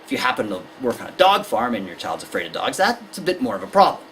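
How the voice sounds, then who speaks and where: A woman's voice: on the low side, huge pitch swings, fast, vocal fry, fairly bright tone, a little hiss or hum, rough recording. A woman giving a conversational lecture to parents on anxiety in children, explaining with everyday examples. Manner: conversational, illustrates with examples and acted-out scenes.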